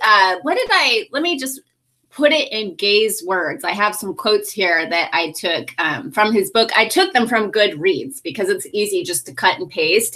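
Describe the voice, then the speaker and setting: A woman from California talking casually to camera in a vlog, candid and quick to laugh, often correcting herself as she goes. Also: medium pitch, sharp tone. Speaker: vlogger and podcast host.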